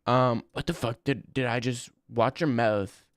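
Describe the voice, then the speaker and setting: Young male streamer, casual and profane, mid pitch, dry voice. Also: steady tone, measured pace, clear, resonant tone, dry recording. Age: 20s. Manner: rambling, blunt, swears freely. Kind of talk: casual live-stream chat reading.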